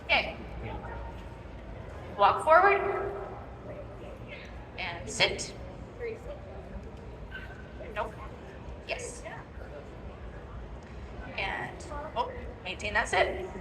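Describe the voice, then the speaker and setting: A woman's voice: medium pitch, big pitch swings, very slow, pauses often, background noise. A woman dog trainer giving a live demonstration, coaching handlers step by step and checking in with a repeated "okay?". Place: large indoor expo hall. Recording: echoey hall from far off.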